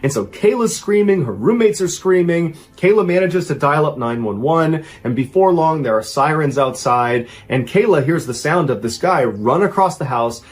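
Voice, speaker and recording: Guy narrating a creepy true story, husky voice, big swings up and down. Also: mid-range voice. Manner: animated, dramatic emphasis. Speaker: storyteller host.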